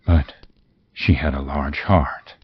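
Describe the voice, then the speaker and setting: A man voicing a solemn ghostly spirit that makes measured, pointed remarks. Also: a bass voice, steady tone, muffled recording, slight background noise.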